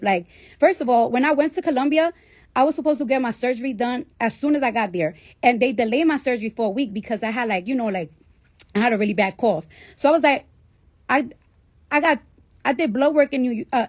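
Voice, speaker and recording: A woman's voice: on the high side, fairly quick, no echo, clean studio sound. A woman casually telling a personal story to a live audience, candid and full of swearing. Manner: candid, profanity-laden, chatty. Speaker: livestreamer.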